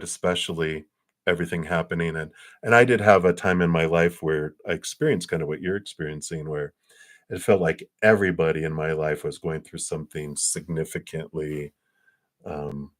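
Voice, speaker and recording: A man giving a casual spiritual talk on a livestream, animated and acting out quotes between chuckles. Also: deep voice. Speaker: spiritual reader.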